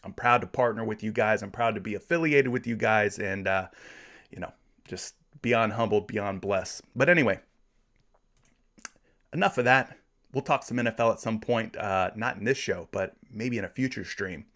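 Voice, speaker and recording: A man's voice: on the low side, normal speed, a bit bright. A man in his thirties from Florida, hosting a casual sports betting livestream and chatting through viewer comments. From Florida, USA. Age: 30s. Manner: reads viewer comments aloud, friendly and chatty.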